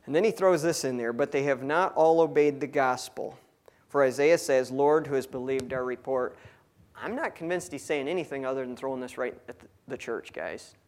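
A man's voice: mid-range voice, brisk, a little mellow. A man giving a conversational Bible teaching, reading scripture and adding folksy asides. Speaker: preacher.

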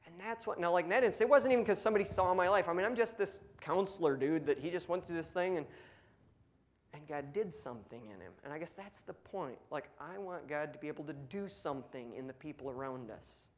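A young man preaching a sermon, telling stories in an animated way and acting out the people he quotes. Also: on the high side, brisk. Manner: animated storytelling, acts out quotes. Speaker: pastor.

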